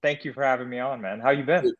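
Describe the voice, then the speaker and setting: A man's voice: mid-range voice, fairly even intonation, quick pace, lo-fi sound. A man, a life coach chatting casually as a podcast guest and calling everyone "man". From United States. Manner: easygoing, calls everyone "man". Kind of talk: casual chat.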